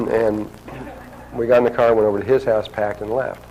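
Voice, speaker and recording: A man's voice: on the low side, level tone, moderate pace, a little mellow, muffled recording, a little hiss or hum. A man telling a personal story to an audience in a loose, conversational way, acting out the dialogue. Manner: conversational, acts out quoted dialogue.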